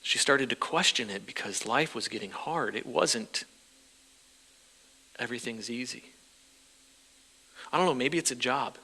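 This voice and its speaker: A male pastor preaching a sermon in a church, animated, his voice rising as he acts out people's prayers. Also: mid-range voice, normal speed, hardly any pauses, husky. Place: church sanctuary. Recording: reverberant church hall.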